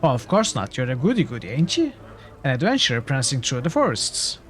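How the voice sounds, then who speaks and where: A man's voice: medium pitch, big pitch swings, fairly quick, close to an everyday voice. A man voicing a rude, taunting male street thug who sneers and jeers coarsely.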